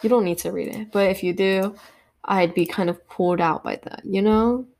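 A woman's voice: mid-range voice, steady tone, normal speed, a little mellow. Chatty woman hosting a solo podcast. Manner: rambling, self-deprecating and chatty. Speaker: podcast host. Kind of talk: solo casual podcast chat.

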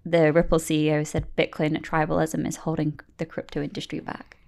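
A woman's voice: low voice, monotone, fairly quick, creaky, a little mellow. A woman hosting a podcast in casual chat, upbeat and chatty, laughing often. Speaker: podcast host.

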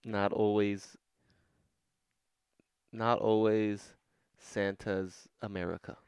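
A man co-hosting a casual podcast chat, slowly guessing answers to jokes and exclaiming often. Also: lowish voice, little pitch movement, darkish tone, smooth, dry recording, dull audio. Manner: slow, drawling, exclaims often. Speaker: podcast co-host.

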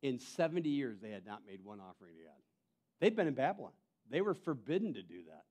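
A man preaching a sermon as pastor, moving between emphatic calls and quiet, intense asides, often repeating and restarting phrases. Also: medium pitch, sing-song, quick pace.

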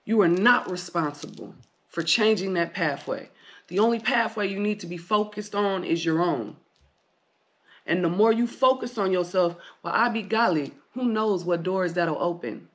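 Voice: mid-range voice, moderate pace, fairly bright tone. A blunt, foul-mouthed podcast host rambling through a solo monologue of life advice. Points get hammered home with repeated commands and plenty of swearing. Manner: blunt and heavily profane; rambling, preachy advice-giving.

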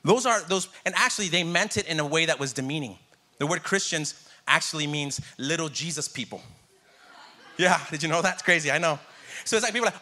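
A man delivers a sermon with a high, bright voice. He talks in a loose, conversational way, jokes with the congregation and calls out for responses. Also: lively intonation, fairly quick. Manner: conversational and jokey, calling out to the congregation. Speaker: pastor.

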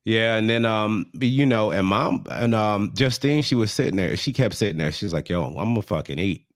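A man with a low, easygoing voice recaps a reality show for his co-host. He slips into the people's lines as he tells it, and there is almost no room sound around him. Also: dry recording, studio quality. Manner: animated retelling, acting out the people in the show in quick put-on voices. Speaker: podcast co-host. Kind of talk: casual comedic recap chat.

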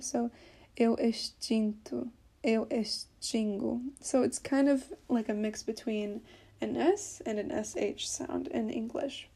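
A woman talks through a casual language lesson as the host of her own podcast. Her tone is mellow and warm, set a little high, and she fills her explanations with easygoing fillers. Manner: chatty, explains with many fillers. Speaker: podcast host teaching Portuguese.

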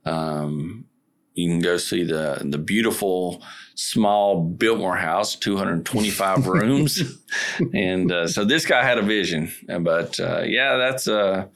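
Gravelly deep-voiced North Carolina man. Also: slow pace, a bit bright. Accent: Western North Carolina. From Western North Carolina. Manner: storytelling, chuckling often. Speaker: podcast guest. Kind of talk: casual chat.

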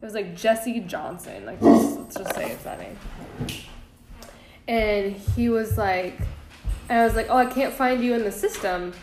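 A woman's voice: fairly high pitch, measured pace, music in the background. A young woman co-hosting a podcast, chatting casually and swearing freely as she tells stories about her new job. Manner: candid storytelling, swears freely. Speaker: podcast co-host. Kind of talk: casual chat. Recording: echoey room, faint noise.

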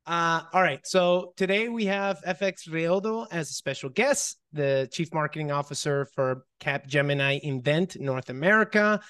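A man hosts a business interview show in a slightly high voice. He reads a prepared introduction and then moves into questions, with plenty of "uh" and "um" along the way. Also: normal speed, few pauses, a bit bright, clear, resonant tone. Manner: filler-heavy, friendly, reads a guest bio aloud. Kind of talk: interview hosting.

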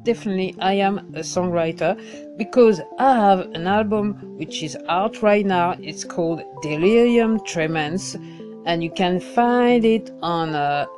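Slow, hesitant French-accented woman. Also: lowish voice, over music. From France. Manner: hesitant, many fillers and restarts. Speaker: singer-songwriter. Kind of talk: casual podcast self-introduction.

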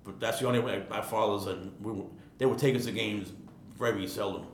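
This interview guest, a retired ironworker of about sixty from Queens, New York, rambles through casual stories and repeats words. His intonation is fairly even and his pace fairly quick, while the room echoes and a faint rumble lingers.

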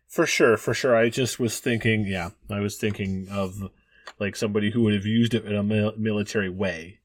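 A man's voice: on the low side, fairly even intonation, normal speed. A man co-hosting a podcast in casual chat, joking and self-deprecating as he guesses answers. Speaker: podcast co-host.

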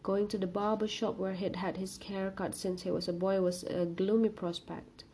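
A woman reading a short story aloud in a calm, measured narration. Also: mid-range voice, slight background noise. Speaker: reader.

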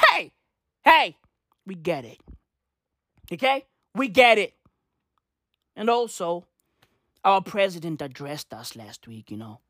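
A woman's voice: fairly low pitch, fairly bright tone, no echo, clean studio sound. A woman delivering a profane, sarcastic comic rant as a vlogger. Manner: profane, sarcastic, exasperated ranting.

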